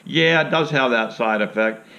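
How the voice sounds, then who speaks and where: A man's voice: medium pitch, moderate pace, vocal fry, pushed and bright. A man doing an offhand pill-pushing doctor. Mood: dismissive. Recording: dull lo-fi sound.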